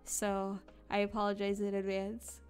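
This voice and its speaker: A woman's voice: medium pitch, completely flat delivery, unhurried, darkish tone, clear, resonant tone, soft background music. A tired woman streamer chatting casually on a desk mic, giggly and rambling. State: sleepy and tired. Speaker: live streamer. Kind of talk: casual live-stream chat.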